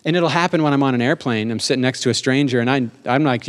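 A middle-aged male pastor preaching a sermon, animated and emphatic, asking the congregation for amens and slowing down to stress key lines. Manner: slows down for emphasis, rising pitch on key lines.

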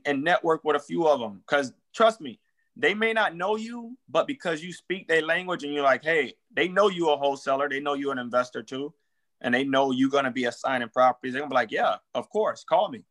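A man's voice: fairly high pitch, brisk, fairly bright tone. A man, a real estate wholesaler, chatting casually on a podcast in loose slang and acting out sample phone calls.

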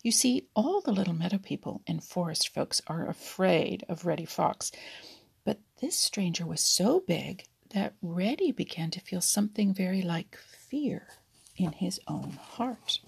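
Slow, gravelly woman reading a storybook. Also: fairly low pitch, expressive. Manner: unhurried, soft, often half-whispered.

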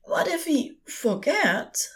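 A woman voicing a gentle, fussy male angel with a high, soft, breathy voice. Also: sing-song, slow, heavily acted. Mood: flustered.

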